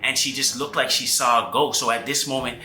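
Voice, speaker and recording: A man's voice: medium pitch, steady tone, a little fast, pushed and bright, reverberant, faint music behind. A man co-hosting a couple's channel, retelling a tense story with intense, breathless delivery. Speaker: channel co-host.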